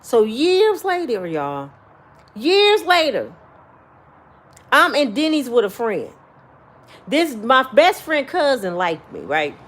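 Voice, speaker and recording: Blunt, animated woman giving advice. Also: sits high, slow pace, long pauses. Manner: blunt, preachy, profane storytelling. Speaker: vlogger giving life advice. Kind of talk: casual advice chat.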